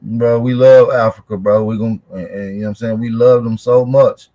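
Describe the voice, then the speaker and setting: With a warm, mid-range voice and steady tone, a male livestream host trash-talks a caller in a brash, profane, mocking way during casual banter. He speaks at normal speed, and the sound is lo-fi.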